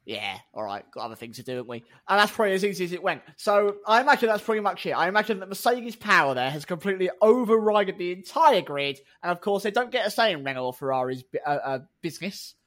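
A man's voice: high-pitched, animated, quick pace, hardly any pauses, fairly bright tone. A man co-hosting a podcast in casual, jokey banter. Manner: jokey, slips into comic impressions. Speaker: podcast co-host.

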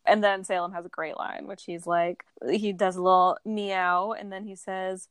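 A woman casually chatting about a comic on a podcast, animated and acting out the characters' lines in quick voices. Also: medium pitch, clear, resonant tone, no echo, studio quality. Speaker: podcast co-host. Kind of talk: casual chat recapping a comic.

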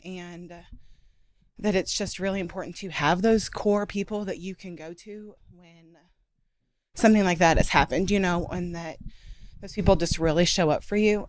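A young woman sharing a personal story in a group discussion, emotional and close to tears, her voice wavering and often dropping very quiet. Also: fairly low pitch. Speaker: book group member.

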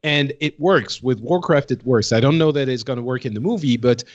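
A man's voice: mid-range voice, fairly quick, muffled recording. A man co-hosting a gaming podcast, thinking aloud in a hesitant, searching way. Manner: thoughtful, hesitant, many restarts. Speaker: podcast co-host. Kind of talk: casual chat.

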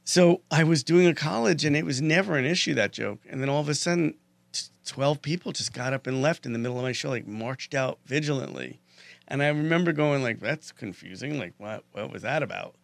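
A man's voice: on the high side, a little fast, creaky, dry recording. A man, a stand-up comedian, telling stories in a casual radio interview and acting out the people he quotes. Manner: animated storyteller, acts out quotes.

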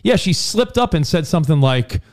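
A man co-hosting a casual radio talk show, chatty and quick, often tripping over his words. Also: a little high, sing-song, a little mellow. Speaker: co-host.

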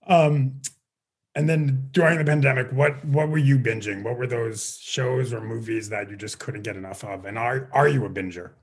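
A man's voice: medium pitch, fairly even intonation. Give me a man interviewer, friendly and curious, chatting casually. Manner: friendly, curious, quick questions.

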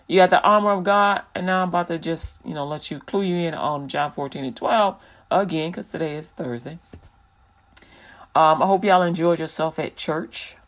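A man's voice: a little high, normal speed, fairly bright tone. A man hosting a Christian radio show, talking in a loose, slangy, rambling way and preaching casually to listeners.

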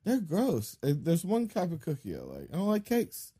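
A man's voice: a little high, wildly swooping pitch, normal speed, dark tone, husky. A man co-hosting a podcast in casual chat, joking, laughing often and swearing freely. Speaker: podcast co-host.

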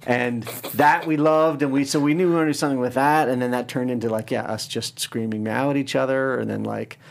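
A man's voice: medium pitch, fairly even intonation, fairly quick, gravelly. A man telling stories as a filmmaker guest in casual chat, rambling and restarting, laughing and acting out quotes.

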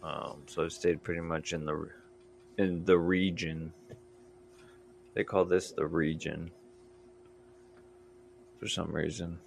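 A man's voice: deep voice, steady tone, slow, creaky, long pauses, a little hiss or hum. A man from Indiana and Michigan hosting a casual podcast chat, easygoing and hesitant, with many ums. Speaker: podcast host.

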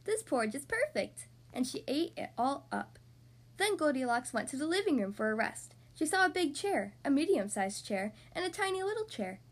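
A woman hosting a podcast, reading a storybook aloud to young children in an expressive, animated way. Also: sits high, moderate pace.

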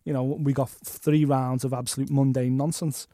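A man co-hosting a sports podcast, talking in a fast, animated and opinionated way. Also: medium pitch, no echo, clean studio sound. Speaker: podcast co-host. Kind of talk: casual sports chat.

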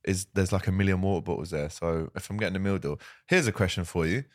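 A man's voice: sits low, fast, no room sound, clean studio sound. A man hosting a casual live stream, chatting with a guest and reading out viewer comments in a jokey way. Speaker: host.

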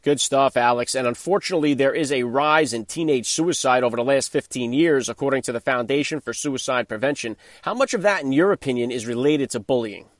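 Radio host guy, talks really fast, dry studio sound, lots of "i mean". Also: medium pitch, no room sound. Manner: fast, hedging questions. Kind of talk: talk radio hosting.

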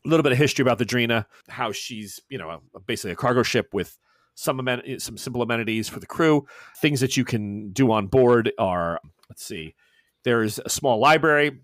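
A man narrating a tabletop game as game master, mid-pitched and easygoing. He rambles through fillers and corrections as he describes scenes, recorded close in a dry, dead space. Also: brisk, fairly bright tone, dry recording.

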